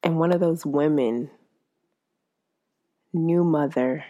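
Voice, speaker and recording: Low, slow woman talking on her podcast, earnest and heartfelt. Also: mellow. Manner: earnest and heartfelt, speaking slowly. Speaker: podcast host. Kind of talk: personal podcast monologue.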